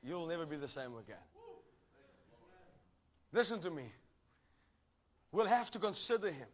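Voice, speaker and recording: A man preaching a sermon with emphatic delivery, calling for responses from the congregation and building to shouted passages. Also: fairly high pitch, big pitch swings, measured pace.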